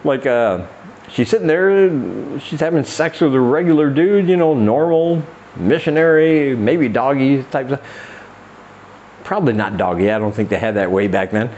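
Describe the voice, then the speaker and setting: A man's voice: animated, moderate pace, a little mellow, dull audio, a little hiss or hum. A man hosting a comedy podcast, rambling through a crude monologue and acting out quoted voices. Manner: rambling, acts out quoted voices in a raised pitch. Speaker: podcast host.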